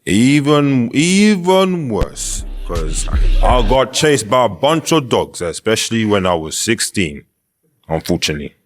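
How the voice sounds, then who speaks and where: A man in his thirties, a dating show contestant, telling his stories in a drawn-out, dramatic way. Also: lowish voice, lively intonation, a bit bright, soft background music. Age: 30s.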